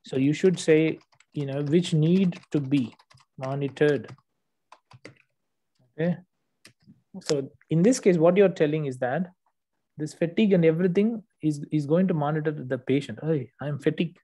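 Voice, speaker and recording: A man's voice: fairly high pitch, a little slow, long pauses, mellow. A man tutoring one student, correcting written work patiently and checking understanding often. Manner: patient, explanatory, frequent "okay" checks. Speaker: English test tutor.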